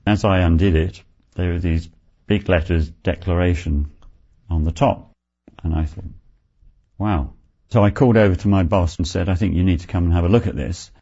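A man's voice: sits low, steady tone, a little fast, mellow, dull audio. A man volunteer telling in an interview, in a plain and modest way, how he came across a document. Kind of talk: interview recollection.

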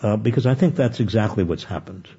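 An older man telling anecdotes as a guest author, with animated and self-deprecating restarts. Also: fairly low pitch, fast talker, husky, dull audio. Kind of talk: conversational storytelling.

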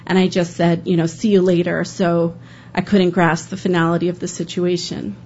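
A woman's voice: fairly low pitch, level tone, normal speed, a little mellow, highs cut off, slight background noise. A woman storyteller giving an earnest, emotional first-person account live on stage.

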